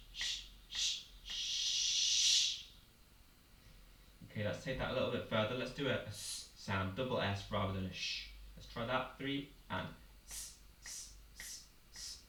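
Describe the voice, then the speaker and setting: A man teaching singers a vocal warm-up, guiding them step by step with encouraging explanations. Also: lowish voice. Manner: clear, encouraging step-by-step coaching with demonstrated sounds. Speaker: singing teacher. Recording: roomy echo, a little far from the mic, faint noise.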